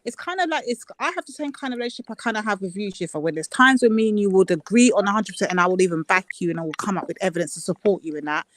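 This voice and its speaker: A man's voice: high voice, expressive, very fast, hardly any pauses, fairly bright tone, dry recording. A man earnestly explaining his relationships with others on a live call-in panel. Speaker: panel guest.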